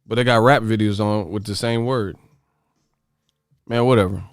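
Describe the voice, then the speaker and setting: A man's voice: fairly low pitch, steady tone, normal speed, smooth, no room sound, studio quality. A man hosting a casual boxing livestream, ranting profanely and firing off rhetorical questions. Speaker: boxing YouTuber host.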